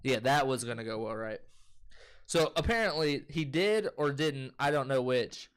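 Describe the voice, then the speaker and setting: A young man, co-hosting a casual chat and loosely retelling a movie plot with profanity and quick voices. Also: medium pitch, expressive, clear, resonant tone. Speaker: co-host.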